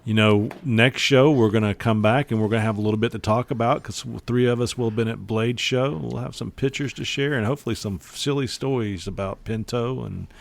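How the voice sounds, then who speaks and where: A man hosting a podcast in casual chat, talking in a rambling, folksy way with many pauses, over a video call. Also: mid-range voice, steady tone, vocal fry. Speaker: podcast host.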